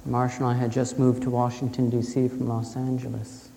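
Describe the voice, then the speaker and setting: A man telling a personal story in a calm, reflective way before an audience. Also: mid-range voice, moderate pace, gravelly, a little hiss or hum. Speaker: speaker. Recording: echoey hall with faint ambience.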